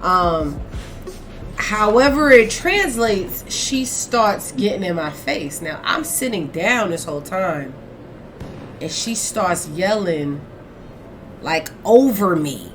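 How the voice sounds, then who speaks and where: A woman co-hosting a casual chat, telling a story in an animated, emphatic way that swings between loud and soft. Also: medium pitch, slow, faint music behind. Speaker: podcast co-host; teacher.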